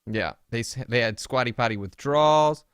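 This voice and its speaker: A man hosting a podcast, telling everyday stories in a casual, grumbling, animated way. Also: moderate pace, smooth, no echo, clean studio sound. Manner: animated, swooping pitch, grumbling rants. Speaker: podcast host. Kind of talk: casual storytelling chat.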